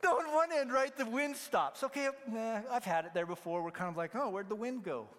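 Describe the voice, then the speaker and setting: A male pastor preaching a sermon, swinging between loud emphatic peaks and hushed, near-whispered lines. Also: extremely high pitch, a little fast, big-room sound.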